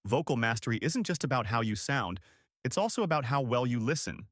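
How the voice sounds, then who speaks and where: A male instructor narrates a scripted lesson with clear, deliberate articulation. His pitch swings widely and expressively. The sound is close and dry, with no room around it. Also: animated, fairly bright tone, no echo. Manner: clear, deliberate coaching delivery.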